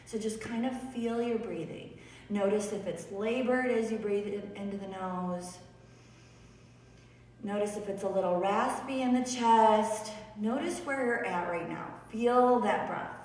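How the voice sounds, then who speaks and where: A woman's voice: medium pitch, a little slow, darkish tone. A woman teaching a beginner yoga class on a live stream, encouraging and often checking in with her students. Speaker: yoga instructor. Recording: roomy echo, distant mic, faint room noise.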